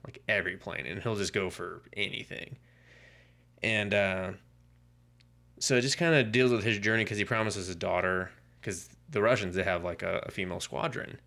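A man co-hosting a casual podcast, retelling a story with lively, acted-out quotes. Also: low-pitched, moderate pace, vocal fry. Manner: animated storytelling, acting out quoted lines. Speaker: podcast co-host. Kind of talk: casual comic book podcast chat.

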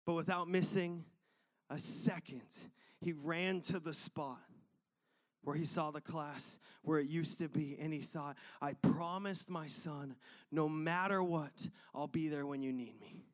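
A man preaching a sermon, telling a personal story with lively acted-out voices and frequent laughter. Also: fairly high pitch, a little slow. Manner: animated, acts out voices and laughs often. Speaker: pastor.

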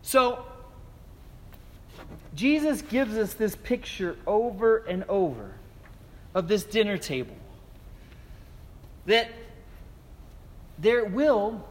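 Pastor, man with a high voice, chatty storytelling sermon. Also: big-room sound. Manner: conversational storytelling with many fillers.

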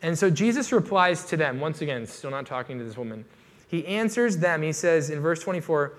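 A man delivers a sermon in a relaxed, conversational manner, his voice sitting a little high. He leans on fillers and restarts and swings between emphatic bursts and quieter asides. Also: a little fast. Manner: casual and animated, many "like" fillers and restarts.

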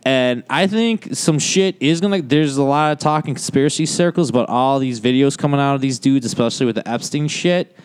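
A man's voice: mid-range voice, smooth, dry recording. A man co-hosting a casual podcast, ranting and swearing freely as he talks. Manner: ranting, swears a lot, drawn-out emphasis. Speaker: podcast co-host. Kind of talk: casual profane chat.

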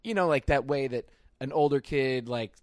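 A young man co-hosting a podcast in casual chat, telling stories in an animated way and acting out the voices he quotes. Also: mid-range voice, moderate pace, dry recording, clean studio sound. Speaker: podcast co-host.

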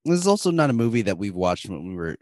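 A man's voice: fairly low pitch, sing-song, fast talker, darkish tone, dry recording, clean studio sound. A man co-hosting a podcast in casual chat, playful and teasing. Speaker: podcast co-host.

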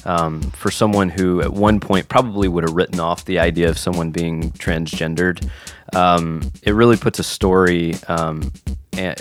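A man's voice: low voice, steady tone, normal speed, soft background music. A man from Nashville with a Tennessee accent, co-hosting a casual podcast chat, joking and laughing easily. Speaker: podcast co-host.

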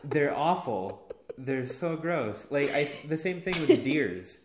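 A man in casual chat with his sister, joking in a deadpan way while recording at a coffee shop. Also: on the high side, slow pace. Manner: playful, deadpan jokes. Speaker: podcast guest. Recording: echoey room.

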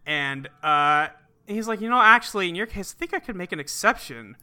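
High bright-voiced man retelling a movie. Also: animated, clean tone. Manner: retells scenes, acting out lines in quick put-on voices. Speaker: podcast co-host recapping a film. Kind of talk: casual chat.

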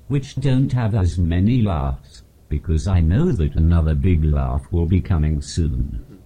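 On a live comedy festival stage, a comedian guest in an interview speaks through a text-to-speech device using a monotone synthetic voice with a posh English accent. The voice is low and slightly rough, delivering dry punchlines flatly with no emphasis.

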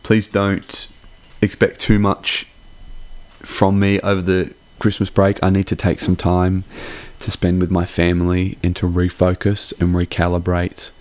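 A man's voice: low-pitched, completely flat delivery, measured pace, darkish tone. A young man hosting a podcast. He gives a casual, heartfelt holiday sign-off that rambles and swears freely. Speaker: podcast host.

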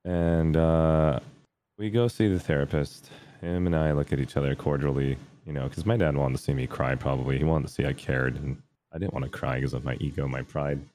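A man's voice: very deep voice, fairly even intonation, a little fast, warm tone. A young adult man telling a personal story in a casual, candid and rambling way, full of fillers and restarts.

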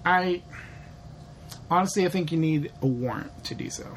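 A woman's voice: low-pitched, normal speed, slight background noise. A young woman co-hosting a podcast, chatting casually and acting out characters' lines with animation. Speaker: podcast co-host. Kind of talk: casual chat recapping a show.

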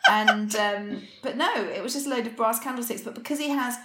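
A woman's voice: on the high side, a little fast, reverberant, heavy background noise. A woman co-hosting a casual chat, recapping a TV episode from her notes with plenty of filler words. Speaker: podcast co-host.

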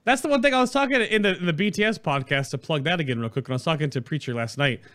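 A man's voice: a little high, animated, very fast, a bit bright. A man hosting a podcast in casual chat, rambling and chatty, often restarting his sentences. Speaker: podcast host. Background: background music.

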